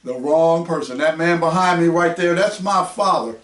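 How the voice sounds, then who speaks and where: A man hosting his own podcast, combative and mocking, raising his voice to a shout as he rants. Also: fairly high pitch, normal speed. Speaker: podcast host. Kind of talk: heated podcast rant. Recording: roomy echo, mic at a distance.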